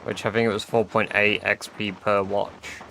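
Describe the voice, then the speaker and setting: A man's voice: fairly low pitch, flat delivery, moderate pace, gravelly, sharp tone, a little hiss or hum. A British man on a live game stream, rambling and thinking aloud in casual chat, swearing now and then.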